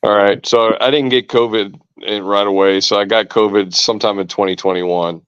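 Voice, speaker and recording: A man's voice: lowish voice, fairly even intonation, moderate pace, a bit bright, clean tone, dry recording. A man casually telling a rambling story with mild swearing on a podcast. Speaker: podcast co-host. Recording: dull lo-fi sound.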